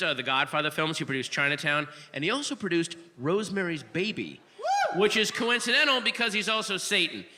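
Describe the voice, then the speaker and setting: A man doing a live stand-up set in a comedy club, ranting profanely and shouting at the audience. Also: high-pitched, big-room sound. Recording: live club recording, crowd and room noise.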